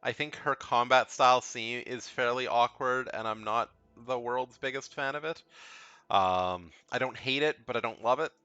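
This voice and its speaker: A man's voice: mid-range voice, normal speed, bright, forceful tone, smooth, no echo, muffled recording. A man giving casual, rambling commentary as he ranks video game characters, frank and blunt, often repeating himself. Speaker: video game tier list creator.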